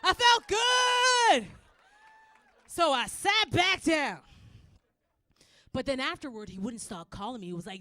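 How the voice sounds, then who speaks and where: A young Canadian woman with a Canadian accent doing a loud, animated stand-up set, acting out characters and laughing often. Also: high-pitched, slow, pauses often. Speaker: stand-up comedian.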